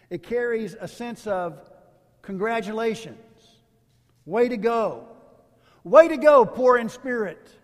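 A man's voice: sits high, long reverb tail. A man preaching a sermon as a pastor, in a casual, storytelling way with rhetorical asides.

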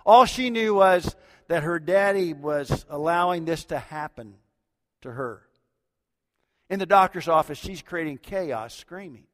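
A middle-aged man preaching a sermon as a pastor, swinging between loud emphatic lines and hushed low ones. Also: expressive, unhurried. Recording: long hall reverb.

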